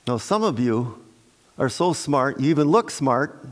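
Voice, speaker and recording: A man preaching a Sunday sermon as pastor, unhurried and folksy, with restarts, fillers and joking asides to his congregation. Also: medium pitch, very animated. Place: church sanctuary. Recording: long church-hall reverb.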